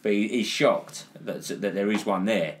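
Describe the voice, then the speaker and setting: A man co-hosting a casual film podcast, talking haltingly and repeating words. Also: on the low side, a little hiss or hum. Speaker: podcast co-host. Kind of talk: casual chat.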